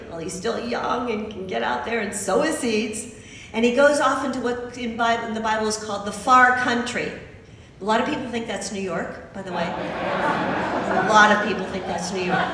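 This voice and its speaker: A woman preacher giving a sermon, telling a story with emphatic, animated asides. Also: on the high side, distant mic, a little hiss or hum. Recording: echoey hall recorded from afar.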